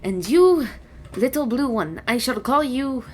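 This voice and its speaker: A woman voicing an ancient female dragon who is stately, measured and gently teasing. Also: on the high side, expressive, a little hiss or hum, voice pushed up.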